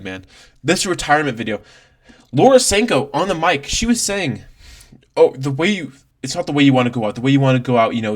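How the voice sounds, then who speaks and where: A man ranting through a casual reaction to a fight, swearing, laughing and leaning on "like" and "bro". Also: medium pitch. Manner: profane, exasperated, laughing, heavy on "like" and "bro". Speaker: MMA commentator vlogger.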